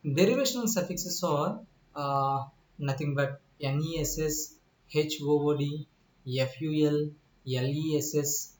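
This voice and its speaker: A man teaching English word stress in a recorded lecture, explaining slowly with many pauses, repeating himself, spelling out letters and asking the listener questions. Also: fairly high pitch, darkish tone, slight background noise. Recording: echoey room.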